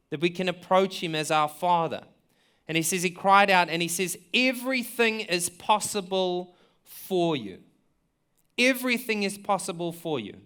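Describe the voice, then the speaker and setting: A man's voice: high-pitched, sharp tone, smooth. A man preaching a sermon in an earnest, conversational way, asking listeners questions and often repeating words as he thinks aloud. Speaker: pastor.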